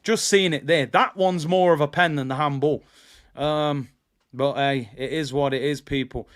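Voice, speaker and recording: Young man, raised pitch, live match watch-along host, insistent and repetitive. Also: normal speed. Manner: animated, repeats himself, argues with chat. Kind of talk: casual live match commentary.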